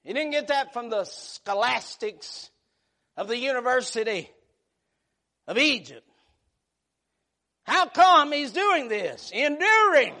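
High-pitched preacher, shouting then hushed. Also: male voice, sing-song, slow pace, pauses often. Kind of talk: sermon.

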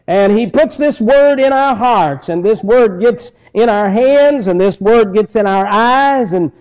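A man's voice: high voice, unhurried, darkish tone, low-quality recording. A man preaching a sermon, building emphasis through repeated phrases and fillers.

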